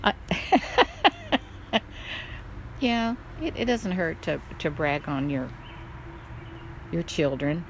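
An older woman, a mother, chatting casually and telling stories in a lively way, often laughing. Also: deep voice, takes it slowly, pauses often, slight background noise. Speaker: guest, mother. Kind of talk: casual chat.

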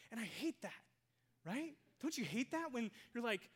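With a medium-pitched, slightly rough voice, a pastor delivers a brisk, sing-song sermon to the congregation in a church sanctuary. He moves between loud emphasis and soft near-whispers while asking rhetorical questions.

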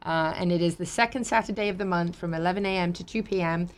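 British woman host, slightly low voice, chatty, laughs easily, reads sponsor plugs. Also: quick pace. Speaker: talk show host. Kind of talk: casual chat.

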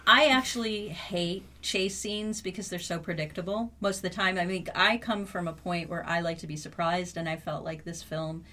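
Low-voiced woman chatting about films. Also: pushed and bright. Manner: halting, many restarts and fillers. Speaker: guest. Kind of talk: casual film discussion.

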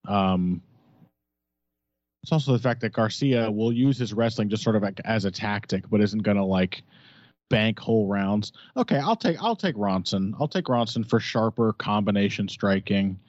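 A man's voice: fairly low pitch, expressive, moderate pace, darkish tone, dry recording. A man co-hosting a podcast, breaking down fights in a loose, joking, hedging way. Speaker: podcast co-host. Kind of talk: casual fight-analysis chat. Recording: dull, dry lo-fi sound.

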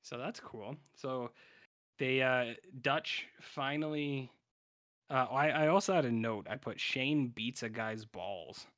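A man's voice: medium pitch, takes it slowly, a bit bright. Rambling man recapping a show. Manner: rambling, acts out characters' lines in quotes. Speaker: podcast co-host. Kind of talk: casual chat recapping a TV show.

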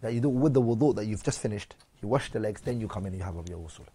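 Here an Islamic teacher speaks very fast in a fairly low, dark, husky voice. Going through his religious lesson point by point, he reads and explains each one, shifts between Arabic and English readings, and keeps asking questions of those listening.

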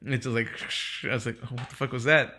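A man's voice: mid-range voice, flat delivery, fast talker, a crowd in the background. A young man casually telling rambling, profane work stories, with lots of "like" and cursing. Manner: rambling and profane, heavy use of "like". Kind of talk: casual chat, storytelling.

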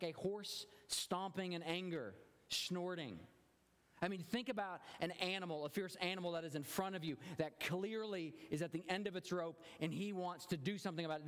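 A man's voice: sits high, big-room sound. A man preaching a sermon as a pastor, earnest and often repeating words as he searches for them.

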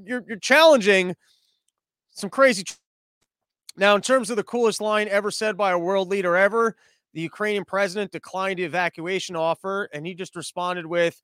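High-voiced profane rambling man. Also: moderate pace, a bit bright, clear, resonant tone, dry recording. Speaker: podcast host. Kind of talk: casual monologue.

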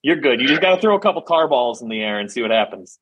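Lively, slightly husky joking podcast man. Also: mid-range voice, fast talker, highs cut off. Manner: joking, animated banter. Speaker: podcast co-host. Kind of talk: casual chat.

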